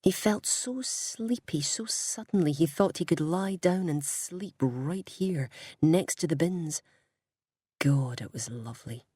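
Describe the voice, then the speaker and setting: A woman reading a story aloud in a calm, unhurried narration. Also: sits low, breathy edge, no room sound, clean studio sound. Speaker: audiobook reader.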